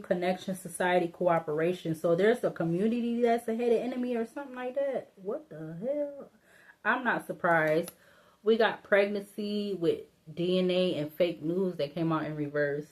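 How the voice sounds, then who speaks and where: Rambling, low-voiced woman reading tarot. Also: a little hiss or hum. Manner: rambling, thinking aloud, laughing to herself; blunt and informal, cursing casually. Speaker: tarot reader. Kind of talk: casual solo tarot reading.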